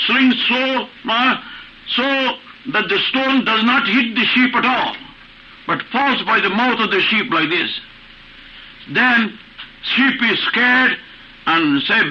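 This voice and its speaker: Male preacher, high piercing voice, repetitive emphatic delivery, dull lo-fi tape with light hiss. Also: sharp tone. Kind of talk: sermon. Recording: muffled old recording with faint hiss.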